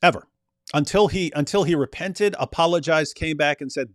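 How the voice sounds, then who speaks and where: A man's voice: on the high side, fairly quick, dry recording. Emphatic male commentator, dry close sound. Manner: emphatic, repetitive, rhetorical questions. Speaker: commentator reacting to street debate clips. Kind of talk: critical commentary over replayed clips.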